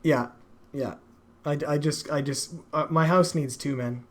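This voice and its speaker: A man's voice: on the high side, fairly even intonation, measured pace. Swearing man ranting on stream. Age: adult father. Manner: ranting, emphatic, swears often. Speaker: streamer, show host. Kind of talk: casual profane chat.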